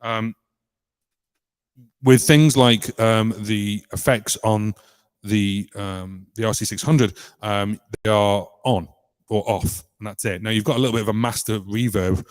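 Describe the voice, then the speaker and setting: A somewhat low-voiced man from the United Kingdom walks through his loop pedal presets in a relaxed live-stream chat. He talks hesitantly with lots of filler pauses, and a long reverb trails behind his voice. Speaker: musician demonstrating a loop pedal. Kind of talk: casual live-stream demo.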